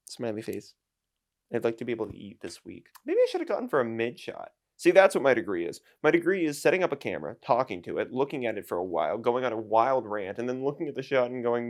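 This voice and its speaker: A man's voice: mid-range voice, big pitch swings, fast talker. A man in his twenties, talking to camera in a rambling, self-mocking, jokey vlog rant. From United States. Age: 20s. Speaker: YouTuber and streamer.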